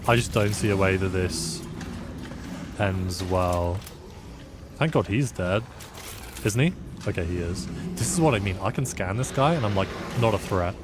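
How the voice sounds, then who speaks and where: A man's voice: sits low, a little slow, noisy background. A man from the UK casually commentating a game as a live streamer, reacting with sudden exclamations and chatting with viewers. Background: game music.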